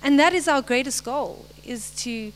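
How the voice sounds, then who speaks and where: A young woman giving a short, earnest devotional message, halting now and then and apologizing as she goes. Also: sits high, a little hiss or hum, low-quality recording. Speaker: lay speaker.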